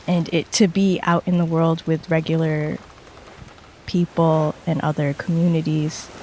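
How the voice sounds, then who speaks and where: A player calmly describing their character's actions in a tabletop game. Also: mid-range voice, gravelly, slight background noise.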